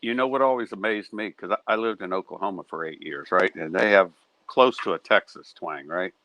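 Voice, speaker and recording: A man's voice: deep voice, brisk, fairly bright tone, a little hiss or hum, poor audio. A middle-aged man with a Pittsburgh accent, chatting casually and telling stories, often checking in with "right?". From Pittsburgh area. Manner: storytelling, asks tag questions like "right?". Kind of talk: casual chat.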